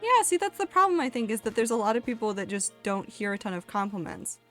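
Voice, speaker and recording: A woman's voice: on the high side, very animated, quick pace, a bit bright. Chatty young woman streaming over faint music. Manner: chatty, candid, swears casually, reads chat aloud. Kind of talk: casual live-stream chat while gaming.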